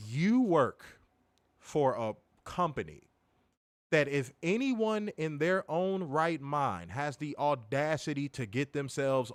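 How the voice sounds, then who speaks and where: A man's voice: medium pitch, no room sound. A man hosting a wrestling review, ranting emphatically with frequent swearing and mockery. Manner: emphatic, profane, mocking. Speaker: podcast host reviewing wrestling.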